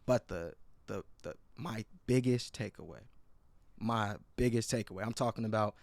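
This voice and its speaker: A man's voice: on the low side, normal speed, vocal fry, darkish tone, dry recording. A man hosting a podcast, talking as a restorative practitioner in an earnest, emphatic way and peppering his speech with slang. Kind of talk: casual podcast chat.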